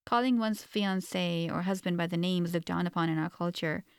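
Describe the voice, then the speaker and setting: A woman's voice: lowish voice, brisk, clear, resonant tone, dry recording, studio quality. A woman narrating a first-person novel in an earnest, reflective manner. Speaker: audiobook narrator.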